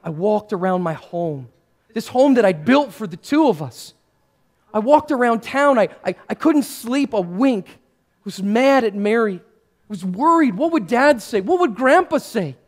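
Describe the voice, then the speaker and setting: Animated, high-voiced man preaching in character. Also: a little slow. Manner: dramatic, swings from hushed to raised; speaks to listeners directly as "you" and "guys". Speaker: pastor. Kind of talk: first-person character sermon.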